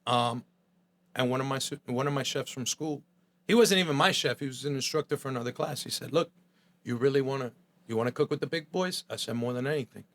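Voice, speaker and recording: A man's voice: mid-range voice, fast, a bit bright. A middle-aged man from New Jersey, a chef guest on a podcast, telling his story bluntly and with profanity, often acting out quoted voices.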